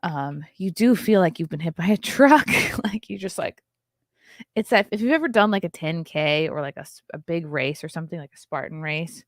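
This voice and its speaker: A woman's voice: lowish voice, lively intonation, moderate pace, dry recording, studio quality. A woman in her thirties hosting a casual livestream, gushing and chatty with lots of fillers. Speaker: livestream host.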